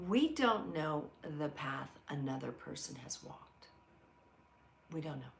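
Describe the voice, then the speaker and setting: Earnest gravelly woman hosting a live talk. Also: deep voice, sing-song, takes it slowly, a little hiss or hum. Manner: earnest, storytelling, reads viewer comments aloud. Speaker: host of a live inspirational show. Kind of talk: heartfelt live motivational talk.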